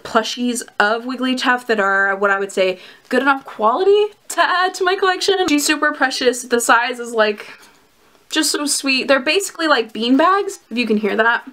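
Young woman vlogger, bright and giggly, slightly high voice, casual to-camera chat. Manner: giggly and bubbly, with frequent laughs and fillers. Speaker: vlogger reviewing plush collectibles.

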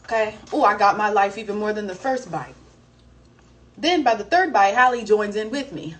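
A young woman hosting a live stream from home, chatting casually and telling a story in an animated, slangy way with plenty of cursing. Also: mid-range voice, moderate pace. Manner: animated, slangy and profane, with exclamations. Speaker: live-stream host answering viewer questions. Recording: voice a bit distant from the mic, faint background noise.

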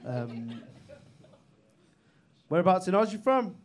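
A male comedian works the crowd from a club stage, his voice sitting a little high for a man. He talks in a brash, sweary, teasing way, ribbing people in the front rows. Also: sing-song, slow. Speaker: stand-up comedian. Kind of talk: stand-up crowd work.

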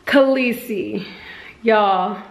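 A woman's voice: mid-range voice, extremely slow, vocal fry. A young woman vlogging at home in a casual, chatty way, talking to viewers and coaxing her toddler. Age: young adult. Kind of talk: casual vlog talk to camera. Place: home kitchen and living room, indoors. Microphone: camera set up in the room. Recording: echoey room.

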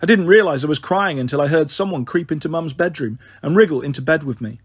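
Male storyteller reading a children's novel; steady and expressive, slightly raised pitch, husky edge. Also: fairly quick, few pauses, no echo, studio quality. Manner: steady, expressive first-person narration. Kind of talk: children's book read aloud.

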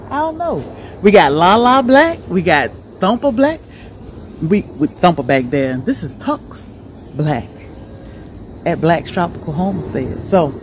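Chatty, animated homesteading woman. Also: on the low side, a little hiss or hum. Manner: chatty, animated, laughs often. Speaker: homestead vlogger. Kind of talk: casual chat to viewers.

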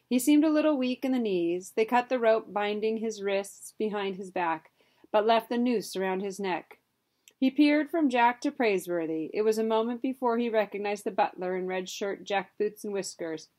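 A woman narrating a children's adventure novel in a steady, expressive reading style. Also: mid-range voice, normal speed. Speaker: audiobook narrator. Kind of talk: storybook narration.

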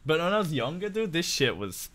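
A man streaming a game, chatting casually with friends, loud, swearing and joking in mock offense. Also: on the high side, very animated, a little fast. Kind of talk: casual gaming chat.

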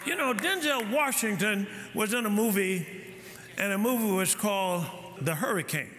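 High-pitched shouting preacher in an echoey church. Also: male voice, expressive, moderate pace. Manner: call-and-response preaching, shouting emphasis. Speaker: pastor. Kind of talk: sermon. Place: large church hall. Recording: echoey hall, crowd noise. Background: congregation responding.

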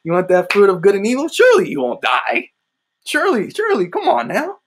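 A man's voice: high-pitched, wildly swooping pitch, a little fast, exaggerated voice. A preacher voicing a sly, tempting male devil who coaxes and mocks in a wheedling way. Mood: coaxing. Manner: wheedling, coaxing.

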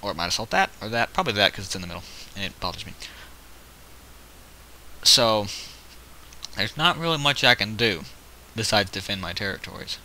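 A man's voice: lowish voice, big pitch swings, brisk, pushed and bright, rough recording. A man casually commenting on a strategy game he is playing, rambling and counting units aloud as he goes. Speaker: gameplay video host. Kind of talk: casual let's-play commentary. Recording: faint hiss behind.

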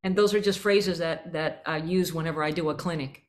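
A woman's voice: low-pitched, fairly even intonation, fairly quick. A woman leading a band rehearsal clinic, coaching players with vivid images and singing out the syllables and rhythm phrases. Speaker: jazz clinician.

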